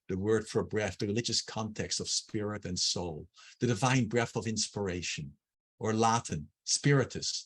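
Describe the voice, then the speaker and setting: A man's voice: lowish voice, husky. A man facilitating an online breathwork workshop over a video call, talking conversationally and working through long lists with frequent restarts.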